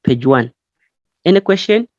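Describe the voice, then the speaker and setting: A man from Zambia teaching a language in an online class, explaining slowly and patiently with frequent fillers. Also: sits high, animated, a little mellow, no room sound. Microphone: online call. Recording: muffled online call audio.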